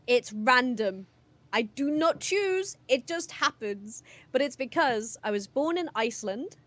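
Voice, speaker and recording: A woman's voice: sits high, expressive, unhurried, fairly bright tone. A young woman from the West Midlands with a mixed English accent, chatting casually on a podcast and laughing often. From West Midlands, England. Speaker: podcast guest. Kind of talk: casual chat.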